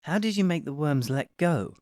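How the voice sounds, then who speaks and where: A man's voice: a little high, expressive, moderate pace, darkish tone, no room sound, clean studio sound, pitched above the performer's own voice, lightly acted. A man voicing a tough young female security officer with urgent, clipped lines.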